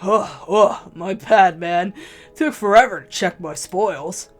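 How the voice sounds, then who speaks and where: A woman voicing an excitable young male otaku friend in a visual novel read-aloud, with a loose, blunt, emotional manner. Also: fairly low pitch, slow, soft background music. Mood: casual.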